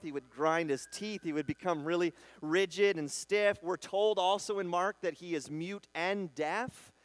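A man preaching a sermon in a relaxed, conversational way, briefly acting out the people in the story. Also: sits high, no room sound. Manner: conversational preaching, acts out quoted voices. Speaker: pastor.

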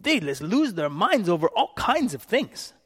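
A man's voice: sits high, big pitch swings, a little slow, a bit bright, slightly rough, in a large hall. A man from Canada giving a sermon, telling stories with frequent laughs and acted-out quotes. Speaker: preacher.

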